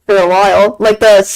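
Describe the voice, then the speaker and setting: A woman streaming a game and chatting casually, gushing excitedly, repeating herself and laughing often. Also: on the high side, low-quality recording. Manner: excited gushing fan talk, frequent laughs and repeated phrases. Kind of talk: casual chat on a live stream.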